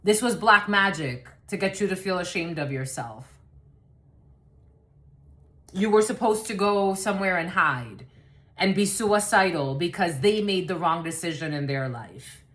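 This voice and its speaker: A woman's voice: on the low side, lively intonation, measured pace, a bit bright. A woman giving a collective tarot reading to camera, blunt and rambling, swearing freely and laughing often. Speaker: tarot card reader.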